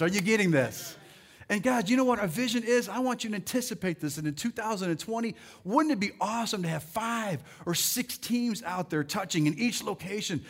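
High-voiced preaching man, rousing. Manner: rousing preaching, swelling louder on calls to the congregation. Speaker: pastor. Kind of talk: sermon.

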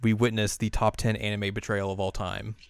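A man's voice: on the low side, flat delivery, fairly quick, creaky, clear, resonant tone, no room sound, studio quality. A man co-hosting a casual podcast, retelling an anime episode with frequent laughs. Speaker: podcast co-host. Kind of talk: casual chat.

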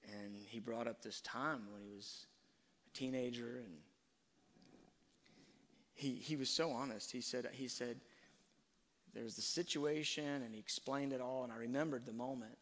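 A middle-aged man telling a personal story in a soft-spoken, earnest way that often trails off quietly. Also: medium pitch, fairly even intonation, normal speed, long pauses. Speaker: speaker sharing a parenting story. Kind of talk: reflective personal storytelling talk. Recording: long hall reverb.

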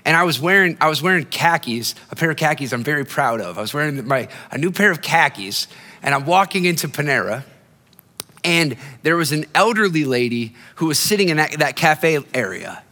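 A man's voice: on the high side, very animated, fairly quick, pushed and bright. A male pastor preaching a sermon in a conversational, storytelling way, often restarting his phrases. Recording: long hall reverb.

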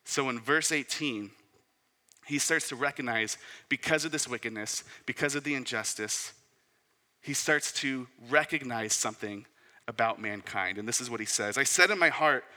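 A man in his thirties delivers a sermon, his very bright and forceful voice mixing scripture reading with casual, conversational asides. He often poses rhetorical questions. The sound carries a long reverb, as from a large hall. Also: medium pitch, moderate pace. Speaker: pastor.

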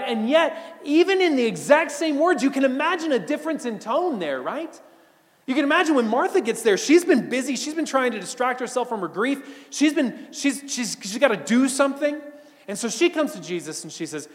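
A man preaching a sermon as a pastor, swinging from emphatic bursts to hushed, almost whispered moments. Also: high-pitched, big pitch swings, normal speed, big-room sound.

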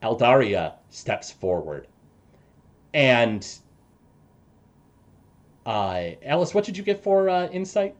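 A man narrating a tabletop game as game master in an unhurried storytelling manner. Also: mid-range voice, sing-song.

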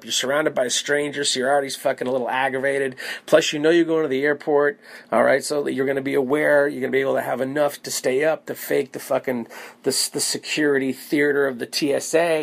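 A man hosting his own comedy podcast, telling a long story in a rambling, profane, animated way with quick asides. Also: mid-range voice, creaky. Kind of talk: casual storytelling monologue.

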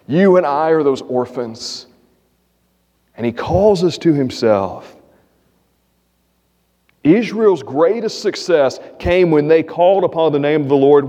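A male pastor delivers an earnest sermon in a slightly high voice. The sound carries a long hall echo and comes through a little muffled. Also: a little mellow. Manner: earnest preaching, rises in pitch reading scripture. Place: church sanctuary.

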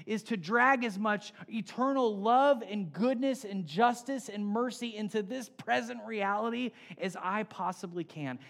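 A man preaching a sermon, building emphasis through lists and dropping to quiet closes. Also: high voice. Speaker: pastor.

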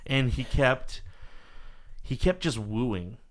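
A man's voice: mid-range voice, takes it slowly. A man hosting a podcast, telling stories in casual chat, swearing freely and acting out what people said. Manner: animated storyteller, swears freely, acts out quotes. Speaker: podcast host.

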